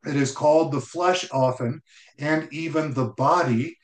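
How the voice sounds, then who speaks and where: A man delivers a sermon in a measured, unhurried cadence, his voice sitting slightly high. He leans on repeated phrases to drive each point home, and the sound rings in a reverberant room. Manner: slow, deliberate preaching with emphatic repetition. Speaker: pastor.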